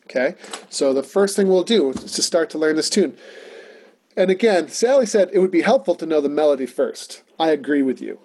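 A man's voice: on the high side, expressive, fairly quick, darkish tone. A man teaching a casual music lesson, talking through rhythms and singing them on simple syllables. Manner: talky, encouraging, sings rhythm syllables.

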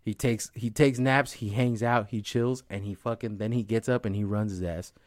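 Young guy from the bay, lowish voice, rambling and swearing, casual podcast banter, dry mic. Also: fairly even intonation, moderate pace, no echo. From San Francisco Bay Area. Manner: rambling, profane, many "you know what I'm saying". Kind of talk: casual comedic chat.

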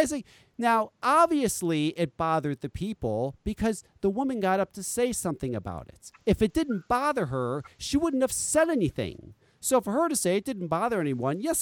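A man's voice: sits high, no echo. A man in his forties hosting a podcast, ranting in a profane, exasperated way in talk-radio commentary. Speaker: podcast host.

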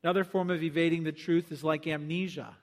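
A man preaching a sermon as pastor, animated and acting out the voices of people he quotes. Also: a little high, fast, big-room sound.

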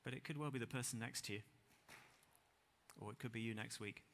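Bright-voiced preacher, conversational. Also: male voice, medium pitch, fairly quick, gravelly. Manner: conversational, self-deprecating, builds to emphatic peaks then drops quiet. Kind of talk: sermon. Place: church hall with congregation.

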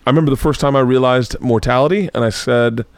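A man's voice: medium pitch, fast, smooth, no echo. A middle-aged man hosting a podcast, telling stories bluntly and profanely in casual chat. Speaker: podcast host. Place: indoor home studio.

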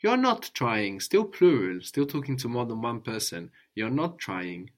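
Guy tutoring one student, patient, lots of quick prompts and little "no?" checks. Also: medium pitch, sing-song. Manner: patient, drills with prompts and tag questions. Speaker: language teacher. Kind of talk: one-on-one language lesson.

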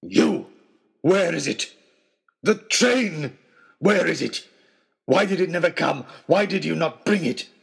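A man voicing a wild, ragged, furious male hunter who shouts and menaces, in a storybook reading. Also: mid-range voice, very animated, takes it slowly, creaky, pauses often, husky, full character voice. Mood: ranting.

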